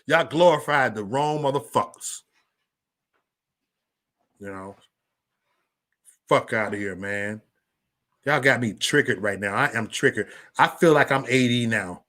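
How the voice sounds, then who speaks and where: A livestream host angrily rants at his critics, swearing, stammering into restarts, and repeating himself while reading out live chat comments. His mid-range voice is expressive and a bit bright, at a moderate pace with frequent pauses.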